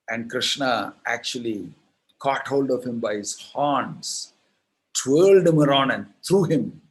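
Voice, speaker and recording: A man with an Indian accent, a monk telling a devotional story in a sermon, animated and acting out the characters. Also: medium pitch. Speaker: monk and preacher.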